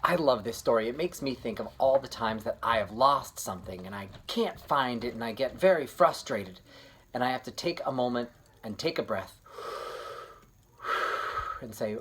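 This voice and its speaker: A man reading a children's picture book aloud, gentle and expressive, talking kindly to young listeners. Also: mid-range voice, moderate pace, slight background noise. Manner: gentle, warm-hearted and expressive, talks to kids. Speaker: children's story reader.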